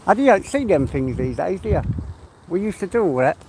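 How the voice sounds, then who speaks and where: A middle-aged man with an English accent rambles casually while out on a walk in the countryside, his voice sitting slightly high. Outdoor sounds and passing traffic are clearly audible around him. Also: sing-song, a little fast. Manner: chatty, rambling, talks to his dog. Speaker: vlogger walking his dog. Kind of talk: casual vlog chat. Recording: clear outdoor background noise.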